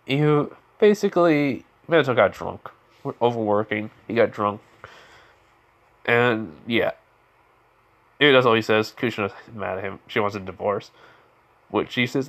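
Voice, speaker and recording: A man's voice: fairly low pitch, moderate pace. A man casually retelling a fan story in a loose, rambling way, full of fillers and restarts, briefly lifting his voice to quote characters.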